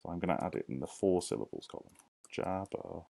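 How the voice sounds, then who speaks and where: A deep-voiced man with a gravelly edge leads a recorded lesson for young children. He speaks slowly and encouragingly, sounding each word out clearly and inviting the class to say it with him. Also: expressive, dark tone. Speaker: primary school teacher.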